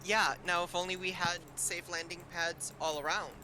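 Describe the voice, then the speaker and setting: A man's voice: high-pitched, flat delivery, moderate pace, sharp tone. A man chatting casually during a co-op game, easygoing and a little flustered. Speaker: player. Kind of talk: casual gaming chat. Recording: noisy mic.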